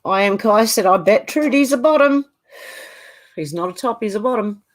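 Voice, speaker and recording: A middle-aged woman hosts a livestream in a casual chat, reading out viewer comments and reacting to each one with quick opinions. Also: fairly high pitch, animated. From Australia. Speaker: livestream host.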